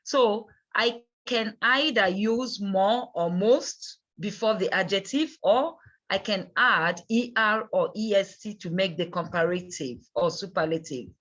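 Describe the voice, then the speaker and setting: A woman teaching English grammar in a bilingual lesson, slow and patient, repeating words and checking in with "okay?". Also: mid-range voice, a bit bright. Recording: dull lo-fi recording.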